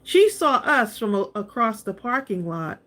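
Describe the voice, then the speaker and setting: A woman's voice: on the high side, sing-song, a little slow, a bit bright. A woman hosting a live crafting stream, chatting with viewers and laughing often as she demonstrates supplies. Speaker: craft channel host.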